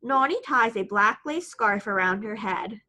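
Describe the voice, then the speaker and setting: Woman audiobook narrator, mid-pitched, plain matter-of-fact first-person read. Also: animated, unhurried, sharp tone.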